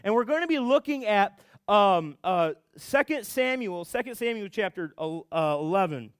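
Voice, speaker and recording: A young man gives a youth group talk as a pastor, his voice sitting high for a man. He tells stories in an animated way, with plenty of fillers and restarts. The sound is dry, with almost no room echo. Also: normal speed, clear, resonant tone. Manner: animated storytelling with many fillers.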